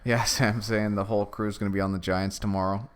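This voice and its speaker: A man co-hosting a casual sports watch-along stream, relaxed, reading viewer comments aloud. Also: on the low side, a little fast, clean tone. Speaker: co-host.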